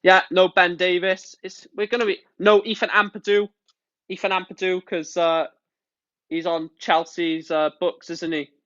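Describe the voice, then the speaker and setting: A man's voice: high-pitched, flat delivery, moderate pace, fairly bright tone, no echo. A man live-streaming, ranting about football in an angry, exasperated way and swearing often. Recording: dull, lo-fi stream audio.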